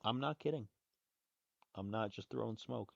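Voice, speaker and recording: A man with a lowish voice and vocal fry speaks at a normal speed, hosting his own casual solo podcast. His talk is loose and rambling, full of restarts and asides. The recording is dry, with a dull lo-fi sound.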